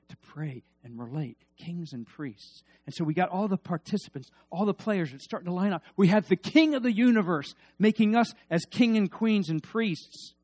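This male preacher's voice is high-pitched, captured in a dry recording. He swings between booming emphasis and quiet asides during his sermon, drawing the congregation into call-and-response.

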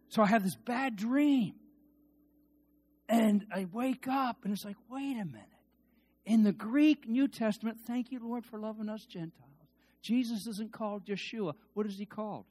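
A man preaching a sermon in a conversational way, swinging from quiet asides to loud, emphatic peaks, with restarts and repeated words. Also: high voice, lively intonation, moderate pace.

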